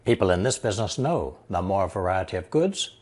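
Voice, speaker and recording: A man narrating a scripted language lesson, explaining slowly and carefully and reading example sentences aloud. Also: low voice, expressive, a little mellow. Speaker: language teacher.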